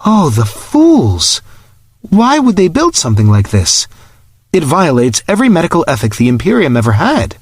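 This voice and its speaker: A man voicing an intense woman science officer, raising his pitch and speaking urgently. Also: wildly swooping pitch, measured pace, hardly any pauses, fairly bright tone, slightly rough, dry recording, studio quality, exaggerated voice. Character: intense woman officer, a ship's biosciences commander.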